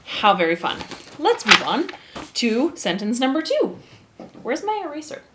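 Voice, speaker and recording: A woman's voice: a little high, sing-song, measured pace, very noisy. A woman teacher giving a casual grammar lesson, chatty and playful, with asides to her students. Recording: echoey room.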